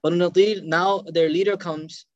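High-voiced guy rushing through a story lesson, acts out the quotes, dull lo-fi dry audio. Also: fairly even intonation, no room sound. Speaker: religious teacher. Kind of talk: storytelling lecture.

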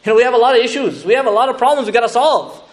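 A man giving an animated, conversational sermon. He often mixes Arabic terms into his talk. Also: very high voice, very fast. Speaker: Islamic teacher. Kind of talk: sermon, storytelling commentary.

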